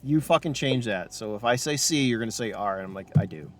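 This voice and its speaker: A man's voice: mid-range voice, lively intonation, quick pace, slight background noise. A man running a tabletop game as game master, casual and profane, laughing often.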